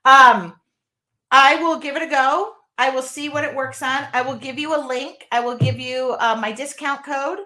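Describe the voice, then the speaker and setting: A woman's voice: high-pitched, fairly even intonation, moderate pace, hardly any pauses, bright, forceful tone. Chatty woman unboxing craft paints. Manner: chatty and rambling, reading viewer comments aloud. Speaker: craft video host. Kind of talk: casual live unboxing chat. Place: home art studio.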